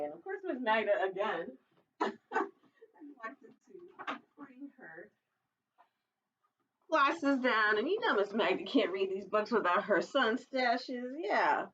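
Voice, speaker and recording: A woman children's librarian reading a picture book aloud for storytime, with playful, chatty asides to young listeners and squeaky animal calls. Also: big pitch swings, slow pace, long pauses, a bit bright, muffled recording, slight background noise.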